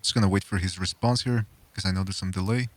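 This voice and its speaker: A man hosting a casual boxing podcast, loud and profane, laughing often as he talks to callers. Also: low voice, fairly even intonation, fast. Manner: loud, swearing, laughs a lot. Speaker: podcast host.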